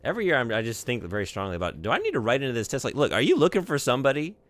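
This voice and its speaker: A man's voice: medium pitch, sing-song, very fast, a bit bright, dry recording. A man streaming a video game, chatting casually and rambling with lots of fillers and the odd swear. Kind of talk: casual gaming stream chat.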